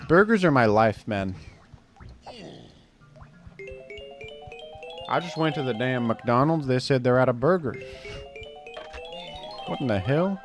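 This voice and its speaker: A man voicing an indignant American fast-food customer in a put-on American accent, loud and outraged. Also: lively intonation, over music, lightly acted. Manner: loud, indignant, high-pitched shouting.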